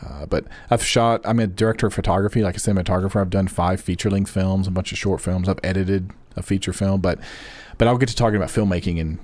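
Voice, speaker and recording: A young man chats his way through a game stream, rambling from thought to thought and calling out viewers by name. His voice sits on the low side. The sound is dry and close, with no room around it. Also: fairly even intonation, fast talker, darkish tone, no room sound. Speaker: gaming streamer. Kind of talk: casual live-stream chat.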